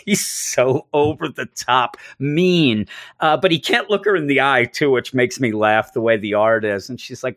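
A man co-hosting a casual podcast chat, animated and laughing as he acts out scenes. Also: mid-range voice, normal speed, no echo, clean studio sound. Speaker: podcast co-host. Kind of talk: casual comic book discussion.

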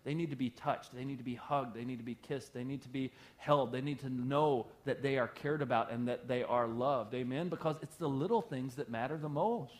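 A man's voice: mid-range voice, a little fast, hardly any pauses. A man who is a pastor, preaching an emphatic sermon to his congregation with heavy repetition and call-and-response.

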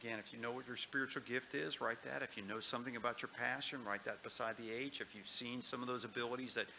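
A man leading a church class, first reading a story aloud, then giving earnest, calm instructions. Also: mid-range voice, quick pace, vocal fry, slight background noise, low-quality recording.

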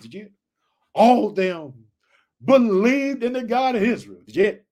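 A man preaching with high energy, reading Bible verses aloud and riffing on them, repeating his catchphrases and questions to listeners. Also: lively intonation, normal speed, darkish tone. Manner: reads verses aloud then riffs on them. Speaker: preacher teaching scripture.

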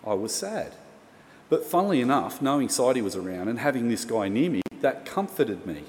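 A man's voice: mid-range voice, very animated, normal speed, darkish tone. Australian man preaching in an echoey hall. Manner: casual, chatty, self-mocking humour. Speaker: pastor. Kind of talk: storytelling sermon. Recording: reverberant hall, faint room noise.

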